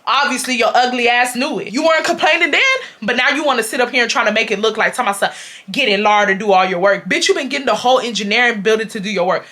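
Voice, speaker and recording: Bright-voiced young woman venting. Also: a little high, quick pace. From Houston, Texas. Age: 20s. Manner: animated, blunt and profane. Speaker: vlogger. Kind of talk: storytime venting to viewers.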